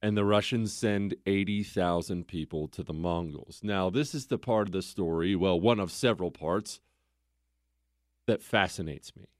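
A man's voice: low voice, normal speed, no room sound, studio quality. A man hosting a podcast who tells history casually and conversationally, full of rhetorical questions. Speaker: podcast host.

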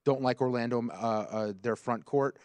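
A man's voice: medium pitch, fairly even intonation, moderate pace, a little mellow, smooth, no room sound. Easygoing man reading betting picks. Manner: easygoing, runs through notes and picks. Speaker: sports betting show host. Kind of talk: casual sports talk.

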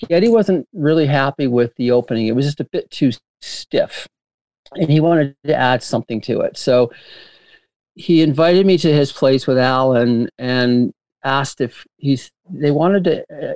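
A man telling stories as a guest in an interview, rambling and animated with frequent laughter and restarts. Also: mid-range voice, no room sound. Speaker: filmmaker guest. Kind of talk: casual interview storytelling.

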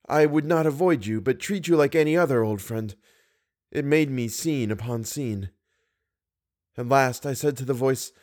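A man reading the part of a devoted, fearful young woman singer in a measured, earnest audiobook reading. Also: a little high, a little mellow, natural voice.

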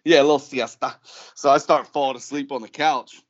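A man's voice: medium pitch, steady tone, a little fast, dull audio. A man co-hosting a podcast, telling a story in casual, profane chat and laughing as he goes. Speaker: podcast co-host.

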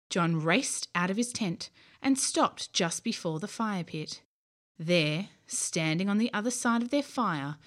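A woman narrating a bedtime story in an expressive way, going hushed in the tense parts. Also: mid-range voice.

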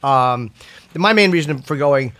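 A man's voice: mid-range voice, animated, unhurried, fairly bright tone, no echo. Joking male podcast host, dry studio. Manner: joking, rambling and self-deprecating. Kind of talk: casual chat.

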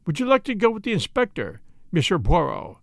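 A man's voice: sits high, huge pitch swings, fairly quick, vocal fry, no echo, clean studio sound, full character voice. A man voicing a genial chief constable, a colonel with a hearty, breezy manner in an audiobook. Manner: hearty, breezy, officer's bluster.

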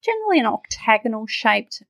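A woman's voice: on the high side, big pitch swings, fairly quick, vocal fry, a bit bright, no room sound. A woman co-hosting a podcast and telling a story in a playful, joking way. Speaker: podcast co-host. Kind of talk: casual chat.

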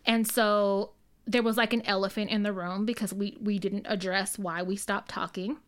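A woman's voice: mid-range voice, level tone, normal speed. Woman w/ rambling thru a dream story, likes and ums everywhere, casual cussing.

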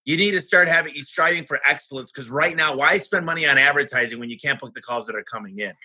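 A man who owns a home services business, talking in a lively podcast conversation and acting out the exchanges he has with other owners. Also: medium pitch, fast, rough recording. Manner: animated, acts out his own conversations in quoted voices.

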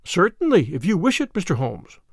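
Guy doing a polite young lady, gentle and mild, lively and up high. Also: fairly quick, dry recording, studio quality. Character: young woman, sister, gentle and soft-spoken.

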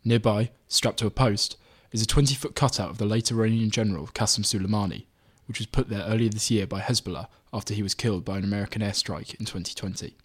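A man reading his own magazine article aloud in measured, even scripted narration. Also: lowish voice, slightly rough.

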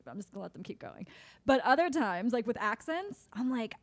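A woman's voice: a little high, big pitch swings, fast, no room sound. A woman guesting on a podcast, talking bluntly, swearing freely and laughing often. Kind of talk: casual chat.

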